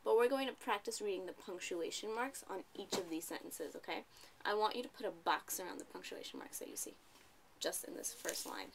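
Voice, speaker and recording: A woman tutoring a child one-on-one, patient and coaxing, often checking in with a quick "right?". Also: medium pitch, gravelly, background noise. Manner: patient, coaxing, ends points with tag questions.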